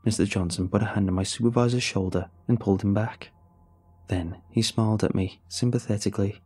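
A man narrating a horror story in first person, with steady, measured storytelling. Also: fairly low pitch, husky, faint music behind.

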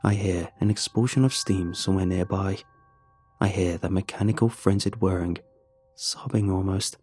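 A man narrating a first-person horror story in a measured, suspenseful way. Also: sits low, steady tone, darkish tone, slightly rough, faint music behind.

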